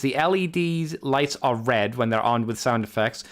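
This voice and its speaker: A man's voice: medium pitch, unhurried, hardly any pauses, fairly bright tone, clear, resonant tone. A man co-hosting a casual podcast, joking around and trailing off into uncertain asides. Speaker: podcast co-host.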